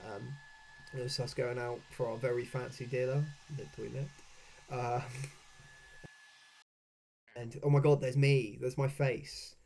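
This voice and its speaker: A man's voice: medium pitch, little pitch movement, unhurried, gravelly, pauses often, dark tone, slight background noise. A young man telling travel stories in a casual, swearing voice-over, laughing at his own mishaps. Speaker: vlogger.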